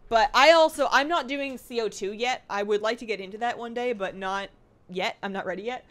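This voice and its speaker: A woman's voice: on the high side, fairly quick, a bit bright. Young woman streamer, casual at-home chat, rambling and self-deprecating, lots of ums and restarts. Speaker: livestream host. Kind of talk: casual chat reading viewer comments. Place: home apartment.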